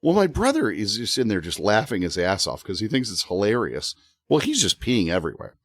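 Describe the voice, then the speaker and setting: Lively man telling a funny story. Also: on the low side, fairly quick, dry recording, clean studio sound. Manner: animated, laughing often while telling a story. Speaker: podcast guest. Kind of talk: casual storytelling.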